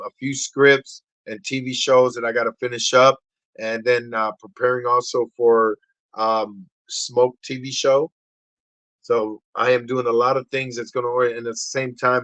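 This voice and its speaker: A middle-aged man hosting a casual livestream. He shouts greetings and shout-outs to viewers, then drops into low, quiet asides. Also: no echo, highs cut off. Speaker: livestream host.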